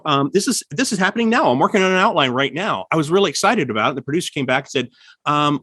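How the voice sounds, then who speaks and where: A man hosting a casual podcast, giving writing advice and acting out quoted lines with sudden jumps in pitch. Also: expressive, fast, sharp tone, breathy edge, no echo. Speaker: writer and podcast host.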